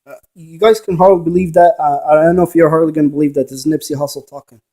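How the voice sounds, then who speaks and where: He speaks very fast in a mellow, slightly high voice with a steady tone. As a ghost investigator, he delivers a preachy, meandering monologue that pushes back at the viewer through rhetorical questions.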